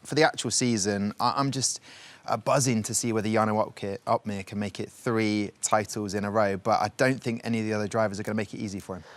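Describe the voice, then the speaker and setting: A man who commentates on esports racing, joking and excitable in casual studio banter. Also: fairly low pitch, fast, no room sound. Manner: jokey, excitable.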